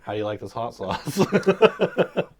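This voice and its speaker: A man's voice: medium pitch, big pitch swings, a little slow, slight background noise. A man with an American accent, co-hosting a casual podcast, teasing his guest and laughing a lot. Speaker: podcast co-host. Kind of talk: casual chat while eating hot sauce.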